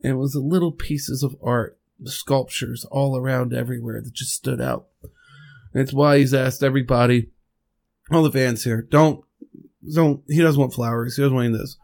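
Gravelly man, choked up. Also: medium pitch, fairly even intonation, a little mellow. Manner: halting, rambling, with restarts. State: choked up, fighting tears. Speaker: podcast host. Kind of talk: emotional spoken tribute.

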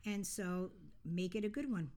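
A woman's voice: fairly low pitch, dark tone. Supportive woman co-hosting a chat. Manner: supportive, quick to laugh and agree. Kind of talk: casual chat.

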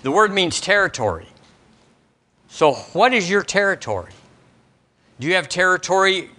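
A male pastor preaches with a bright, ringing tone. His pitch sits a little high and swoops widely as he drives his points home. He keeps turning to the congregation with questions. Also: normal speed, pauses often. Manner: animated preaching, quizzes the congregation. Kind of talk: sermon. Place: church service.

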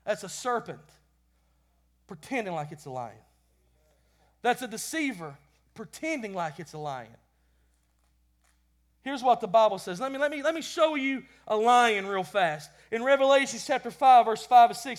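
A man preaching a sermon with passion, swinging between loud bursts and quiet lines, often repeating words as he goes. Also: very high-pitched, sing-song, normal speed, pauses often. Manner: impassioned, rising and falling in loudness; repeats words when stumbling.

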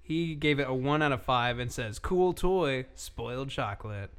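A man's voice: medium pitch, moderate pace, clean tone. A man co-hosting a podcast, reading product reviews aloud with mock emphasis and often breaking into laughter. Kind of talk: casual comedic chat.

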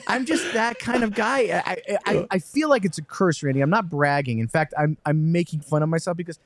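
A man hosting a podcast, telling stories in a lively, self-mocking way. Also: fairly high pitch, a little fast, no room sound. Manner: animated, self-mocking storyteller. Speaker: podcast host. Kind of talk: casual chat.

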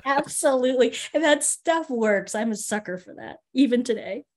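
Animated woman telling stories, laughing. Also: fairly high pitch, normal speed. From Northern California. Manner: animated storyteller, laughs often, lively quoted voices. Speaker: interview guest, theater teaching artist. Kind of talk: casual interview over video call. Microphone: video call.

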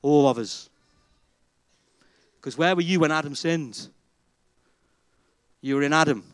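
Man, pastor's sermon, emphatic, rhetorical questions, high voice. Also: unhurried, smooth, no room sound. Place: church.

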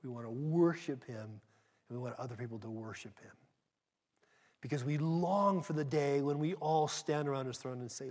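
A man preaching a sermon, speaking emphatically and directly to his congregation, swinging between loud emphasis and hushed asides. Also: medium pitch, moderate pace.

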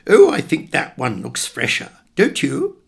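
A fussy, nervous mother, put on by a male storyteller, her pitch lifted and swinging widely. The fretting, exaggerated manner carries over a gravelly undertone. She fusses and second-guesses in a high, animated voice. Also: a little slow, heavily acted. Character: fussy nervous mother, middle-aged woman.

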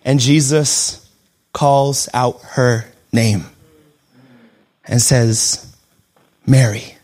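A young adult man preaching a sermon, switching between shouted declarations and quiet, joking asides. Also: mid-range voice, fairly even intonation, drawn-out words. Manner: self-deprecating humor. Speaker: pastor.

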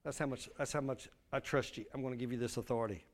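A man's voice: medium pitch, steady tone, fast talker. A male pastor, preaching a sermon with emphatic call-and-response.

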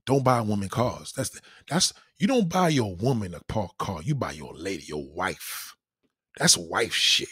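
Husky-voiced man ranting bluntly. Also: on the low side, sing-song, unhurried, fairly bright tone, dry recording, clean studio sound. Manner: blunt, profane, emphatic; acts out quoted people in varied voices. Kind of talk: casual opinion rant.

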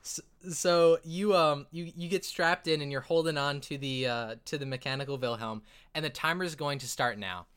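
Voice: medium pitch, moderate pace, fairly bright tone, clean tone. A game master narrating a tabletop game, rambling with many restarts and fillers, often breaking into laughter.

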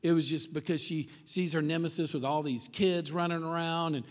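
A man's voice: fairly high pitch, fairly even intonation, moderate pace. A man preaching a sermon in a chatty, conversational way, often checking in with the listeners. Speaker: pastor. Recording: long hall reverb.

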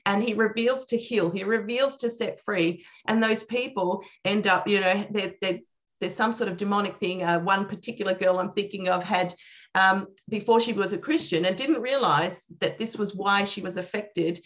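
A woman's voice: mid-range voice, moderate pace, highs cut off. A woman guest on a faith show, earnestly telling a personal ministry testimony and acting out the dialogue she quotes. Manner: earnest, animated storyteller, acts out quoted dialogue.

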